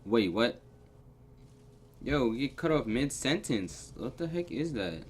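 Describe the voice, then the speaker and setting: A young man plays a horror game from his room and talks the whole way through it. He is jumpy and excitable, breaks into yelled curses when something startles him, and grumbles in loose slang, all in a middle-pitched voice. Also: takes it slowly, long pauses, slight background noise. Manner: jumpy and excitable, yelling and cursing at scares; joking complaints in casual slang. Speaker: gaming YouTuber. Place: home room.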